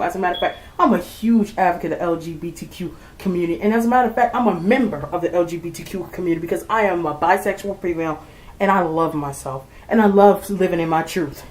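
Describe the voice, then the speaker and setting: A woman's voice: fairly low pitch, darkish tone, reverberant, poor audio. A woman ranting heatedly to her viewers, swearing and repeating herself as she vents. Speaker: vlogger. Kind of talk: angry rant to camera.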